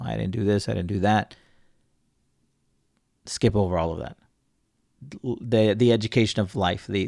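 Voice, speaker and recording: A man's voice: on the low side, vocal fry, a little mellow, no room sound, studio quality. A man hosting a podcast, giving an earnest, profane motivational monologue to his listeners. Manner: profane, earnest pep talk. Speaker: podcast host.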